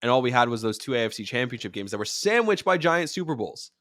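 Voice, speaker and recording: A man hosting a show, talking sports in a casual, animated way and rising to near-shouts when he acts out quotes. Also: mid-range voice, fast, no echo, clean studio sound. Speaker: podcast host and sports radio commentator.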